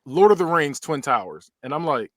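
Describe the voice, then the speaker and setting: A man's voice: on the high side, big pitch swings, normal speed, no room sound, clean studio sound. A man co-hosting a podcast in casual chat, telling stories dramatically and acting them out. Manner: dramatic storyteller, big swings in voice. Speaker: podcast co-host.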